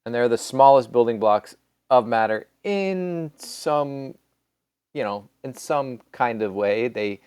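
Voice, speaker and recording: A man's voice: medium pitch, lively intonation, takes it slowly, darkish tone, clean tone, no room sound. A man teaching a recorded science lesson in a casual, rambling way, with many restarts and fillers. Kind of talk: recorded classroom lecture.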